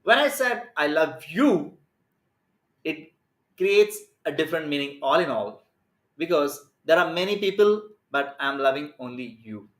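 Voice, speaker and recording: A man's voice: fairly high pitch, moderate pace. Emphatic man coaching, echoey room. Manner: energetic, emphatic, plays with stress and pace. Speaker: communication skills coach. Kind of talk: live-streamed lesson.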